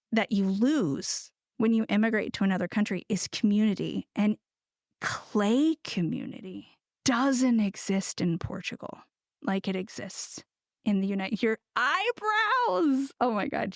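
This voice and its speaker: In a casual interview, a middle-aged American woman who works as a ceramicist tells a lively story, laughing and acting out the voices of people she quotes. Her medium-pitched voice moves at a moderate pace, and the studio-quality recording has no room sound.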